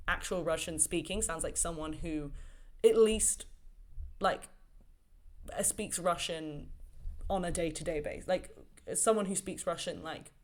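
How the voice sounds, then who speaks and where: A woman with a slightly low voice hosts a solo podcast. She talks casually and enthusiastically, rambling through her points with plenty of fillers and the occasional swear word. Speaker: podcast host.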